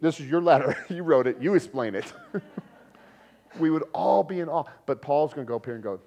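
Lively conversational male preacher. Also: fairly high pitch, fairly quick. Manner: lively, conversational preaching with laughs and sudden loud emphasis. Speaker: pastor. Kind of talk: sermon.

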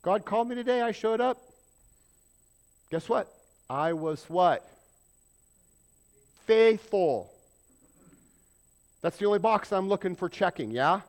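Male preacher, sermon delivery, higher voice that swoops up and down, plays out quoted prayers. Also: takes it slowly, long pauses. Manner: animated preaching, acting out quoted prayers, joking with congregation. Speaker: pastor.

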